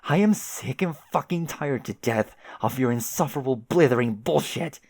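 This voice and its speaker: A man's voice: medium pitch, lively intonation, moderate pace, slightly rough, no echo. A man voicing a fed-up young woman who is biting and exasperated, swearing at her friend. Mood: angry. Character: fed-up young woman, furious and sharp-tongued.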